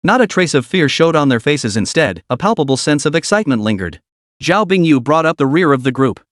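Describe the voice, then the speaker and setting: A man's voice: a little high, very animated, fairly quick, no room sound. Dry-voiced man narrating a story. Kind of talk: scripted audiobook narration.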